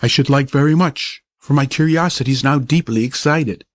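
A good-natured older country doctor with a formal, old-fashioned way of speaking, as a man reading a storybook gives him voice. His pitch sits in an ordinary middle register. The sound is close and dry, with no room around it. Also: normal speed, no echo, close to an everyday voice. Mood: apologetic.

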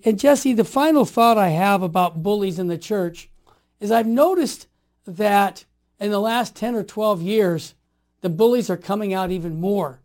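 A man in his sixties telling stories as a guest, energetic and emphatic, acting out what others said. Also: high voice. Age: 60s. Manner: energetic and emphatic, acts out quoted voices. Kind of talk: animated storytelling.

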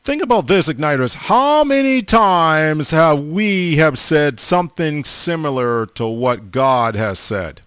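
A man's voice: on the high side, lively intonation, takes it slowly, hardly any pauses, a bit bright, smooth, no room sound. Emphatic preacher man, dry close sound. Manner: repeats a name for the audience, stammering restarts, emphatic. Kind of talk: sermon.

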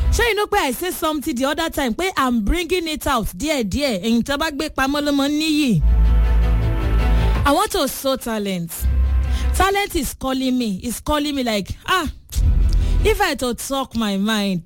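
A Nigerian woman hosting a lively call-in radio game show, switching between English and Yoruba and teasing her callers. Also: high voice. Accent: Nigerian, Yoruba-speaking.

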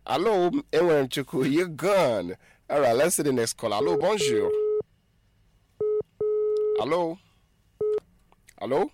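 A man's voice: a little high, lively intonation, slow pace, long pauses, background noise. A man hosting a call-in radio lesson, patiently coaching callers to repeat phrases and laughing easily. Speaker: radio host teaching French.

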